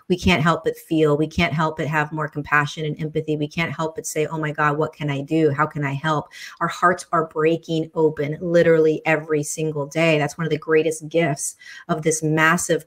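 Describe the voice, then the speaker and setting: A woman's voice: deep voice, little pitch movement, normal speed. A woman hosting a live online session as a spiritual teacher, talking earnestly with repeated phrases and restarts. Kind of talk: heartfelt livestream talk.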